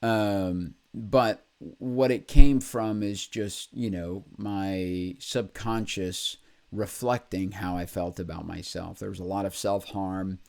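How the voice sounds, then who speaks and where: A man hosting his own video, telling a personal story in a halting, candid way, with many pauses, fillers and blunt swearing. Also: low voice, fairly even intonation, gravelly, darkish tone. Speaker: vlog host. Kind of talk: personal confessional monologue.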